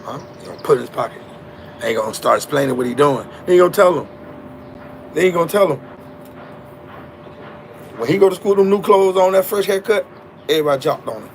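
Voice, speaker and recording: A man's voice: fairly high pitch, expressive, fast talker, gravelly, pauses often, a little hiss or hum. A man telling a story in a casual, slangy, emphatic monologue with a preachy edge.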